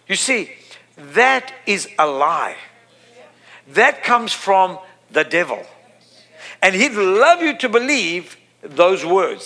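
A man's voice: sits high, sing-song, slow, bright, forceful tone. A middle-aged man preaching a sermon, impassioned and repetitive, building to emphatic peaks.

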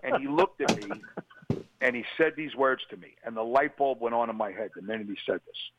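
A man's voice: medium pitch, animated, fast talker, no echo. An older man, a guest telling his personal testimony and acting out what people said. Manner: storytelling, acts out quotes. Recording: tinny phone-like line.

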